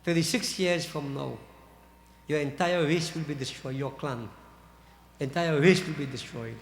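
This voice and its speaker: A man's voice: on the high side, a little slow, a little hiss or hum. Brief: preacher doing a bitter queen pronouncing a curse, lilt, long reverb. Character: bereaved vengeful queen, mother of hundred sons. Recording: echoey hall reverb.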